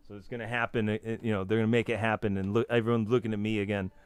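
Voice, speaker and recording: A man's voice: fairly low pitch, little pitch movement, rapid-fire, clean tone, no echo. A man giving a long rambling monologue as the channel host, half-singing nursery rhymes and swearing as he goes.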